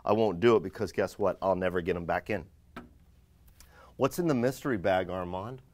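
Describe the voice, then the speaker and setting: A man's voice: low-pitched, normal speed. A man hosting a company video show, giving a casual walking tour and joking as he goes, first outside a building and then inside a lobby and shop. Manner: upbeat, joking, loud and lively.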